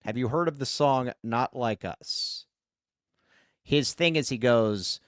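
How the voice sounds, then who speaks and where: A man co-hosting a casual sports podcast livestream, talking in an excitable way and reading viewer comments aloud. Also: medium pitch, slow pace, no echo, clean studio sound. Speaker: podcast co-host.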